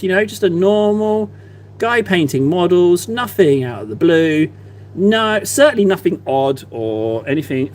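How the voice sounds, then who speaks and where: A man's voice: high-pitched, darkish tone. A man chatting casually on a live stream while he paints models, playful and teasing with his viewers. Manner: playful, teasing, mock-innocent banter with chat. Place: at a desk, painting.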